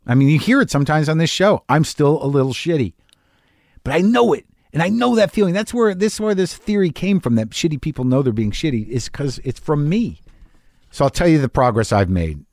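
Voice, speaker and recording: A man's voice: a little high, big pitch swings, fairly quick, a little mellow, dry recording, clean studio sound. A man in his fifties, a podcast host giving a rambling, candid, self-deprecating monologue with plenty of swearing. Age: 50s. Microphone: studio mic in a home garage.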